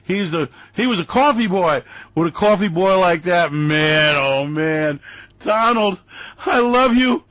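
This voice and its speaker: A man's voice: sits high, no echo, highs cut off. A man hosting a finance radio show in a sarcastic, theatrical, mock-gushing way. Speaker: host.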